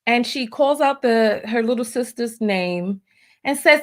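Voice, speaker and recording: High-voiced woman delivering preachy commentary. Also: animated, normal speed, a bit bright. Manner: emphatic, preachy, repeats rhetorical questions. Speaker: show host. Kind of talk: opinion commentary monologue.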